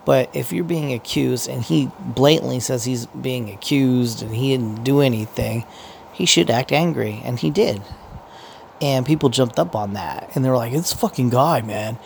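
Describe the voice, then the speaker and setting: Gravelly-voiced man, mid pitch, casual profane podcast rant, faint background hiss. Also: moderate pace, a little mellow. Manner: profane, meandering, with many restarts. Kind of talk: casual rambling commentary.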